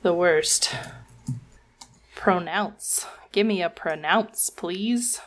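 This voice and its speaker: A woman's voice: lowish voice, drawn-out words, slight background noise. Wry woman podcaster. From American South. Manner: wry, joking, playful. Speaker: podcast co-host. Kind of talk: casual chat, reading researched notes.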